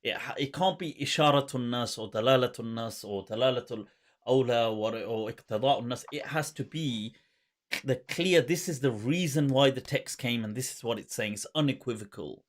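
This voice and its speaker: A man's voice: mid-range voice, normal speed, slight background noise. A man hosting a casual podcast conversation, talking animatedly with frequent laughter and scholarly asides. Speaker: host.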